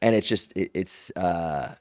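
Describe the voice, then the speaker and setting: Animated male interview guest, dry sound. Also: deep voice, a little slow, dry recording. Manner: animated, acts out others' voices in quotes; rambling with restarts and "like". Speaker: guest, pro wrestler. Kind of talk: casual interview storytelling.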